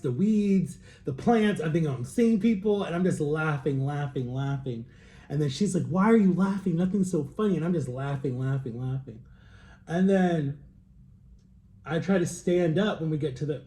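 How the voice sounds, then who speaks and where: A young man casually telling a story while tasting wine, animated, acting out quotes with jumps in pitch. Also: echoey room. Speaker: vlogger.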